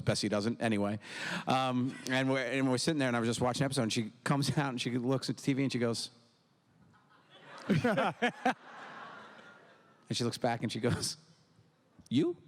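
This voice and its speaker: A man from New York with an ordinary middle pitch, telling stories on a convention panel. He stays easygoing and chuckles as he goes. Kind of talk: comedic panel chat.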